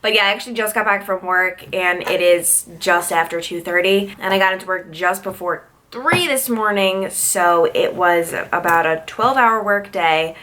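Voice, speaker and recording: Brief: young woman vlogger, bright, forceful tone, chatty and tired, lots of "like.". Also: on the low side, normal speed, few pauses, slight background noise. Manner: chatty, peppered with "like" fillers. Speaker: vlogger and news reporter. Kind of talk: casual vlog chat.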